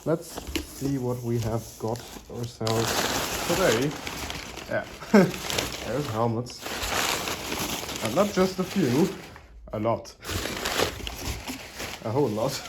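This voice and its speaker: A man casually narrating an unboxing of collectible helmets, relaxed and chuckling, with many ums and uhs. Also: mid-range voice, heavy background noise. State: slightly out of breath.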